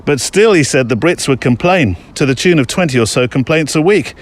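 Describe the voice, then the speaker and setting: A man's voice: on the high side, animated, a little fast. A British man hosting a podcast, reading listener mail aloud in a casual, chatty way with joking asides. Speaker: podcast host.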